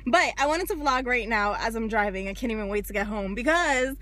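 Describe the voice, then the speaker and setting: Chatty woman vlogger, slightly high voice. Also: lively intonation, fairly quick, hardly any pauses, a bit bright, a little hiss or hum. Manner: chatty, rambling, many fillers and laughs. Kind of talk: casual daily vlog. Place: home, then a shop fitting room, then her car. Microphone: phone camera held by hand.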